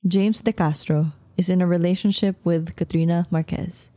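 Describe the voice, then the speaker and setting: A woman's voice: fairly low pitch, fairly even intonation, mellow, no echo, studio quality. A woman reading a romance novel aloud as an audiobook narrator. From Philippines. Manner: measured, emotive first-person reading.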